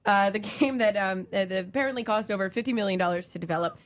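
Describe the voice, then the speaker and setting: A woman's voice: mid-range voice, fast talker. A woman co-hosting a casual talk show, chatty and rambling as she brings up news items. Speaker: podcast co-host. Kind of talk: casual chat.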